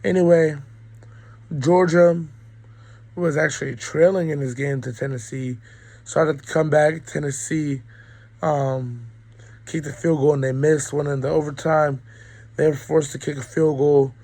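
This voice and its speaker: Rambling young man, gravelly voice. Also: a little high, steady tone, measured pace, long pauses, a little mellow, no echo, low-quality recording. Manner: rambling, opinionated, frequent ums. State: sick, coughing. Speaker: college football commentator. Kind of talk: casual sports recap monologue.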